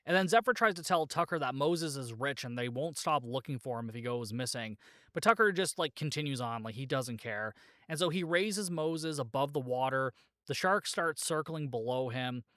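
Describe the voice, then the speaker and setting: A man's voice: mid-range voice, lively intonation, moderate pace, fairly bright tone, no echo, studio quality. A man hosting a podcast, casually retelling a movie plot with lots of fillers and joking asides. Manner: rambling, filler-heavy retelling with frequent "like"; jokey, laughs at his own asides. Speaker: podcast host.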